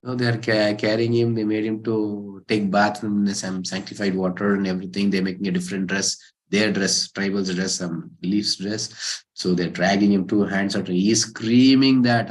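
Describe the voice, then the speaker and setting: A man teaching a scripture class, telling a parable with lively rhetorical questions. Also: on the low side, normal speed, low-quality recording. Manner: animated storytelling, rhetorical questions. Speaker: spiritual teacher.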